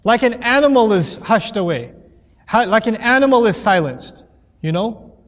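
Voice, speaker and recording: Animated male teacher in a reverberant hall. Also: high voice, normal speed. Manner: animated, playful, acts out quoted voices. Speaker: Quran teacher. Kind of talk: lecture on Quranic Arabic.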